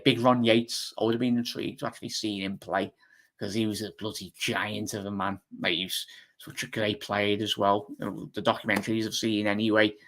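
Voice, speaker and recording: A man with a Liverpool accent hosting a live football fan show, chatting fast and rambling while reading out viewer comments. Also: on the low side, fairly bright tone. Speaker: fan channel host.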